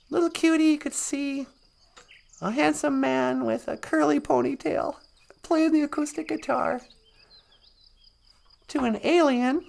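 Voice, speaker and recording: A storyteller on a live stream spins a humorous folk tale in a loose, chatty way, chuckling as she goes. Her voice is high-pitched and creaky, with a darkish tone.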